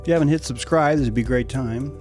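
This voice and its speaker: A man's voice: fast, a little mellow, soft background music. A man hosting an internet radio show, talking through ideas in a musing, playful way and sometimes acting out quoted voices. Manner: musing, playful, acts out bird calls in a high voice. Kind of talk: casual discussion.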